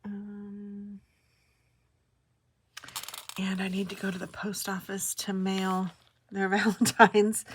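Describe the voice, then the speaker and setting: A woman's voice: medium pitch, steady tone, slow, pauses often, a bit bright. A middle-aged woman vlogger telling stories in a casual, chatty way, often breaking into exclamations.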